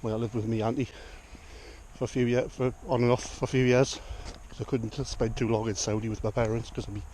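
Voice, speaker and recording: A man's voice: medium pitch, level tone, quick pace, darkish tone, slight background noise. A young man from North East England with a Northumbrian accent, vlogging in casual rambling chat while out on a rural walk. He thinks aloud and talks to his dog as he goes.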